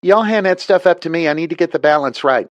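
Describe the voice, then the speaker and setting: Male narrator doing a brisk Southern woman pilot, drawling, pitched high. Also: no room sound, dull audio, lightly acted.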